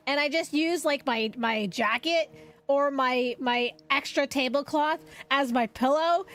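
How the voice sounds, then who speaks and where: A young woman streamer chatting casually with her viewers, rambling, animated and laughing often. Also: high voice.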